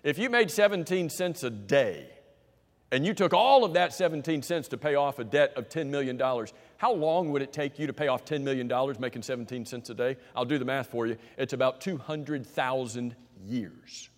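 Male preacher with a hall echo. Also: normal speed. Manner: asks the congregation rhetorical questions; swings from loud emphasis to quiet low delivery. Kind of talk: sermon. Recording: long hall reverb.

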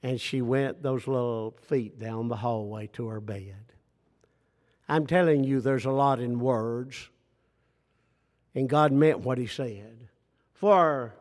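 An older man preaching a sermon, slow and emphatic, dropping to soft near-whispers and asking the congregation rhetorical questions. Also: mid-range voice. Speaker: pastor. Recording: reverberant hall.

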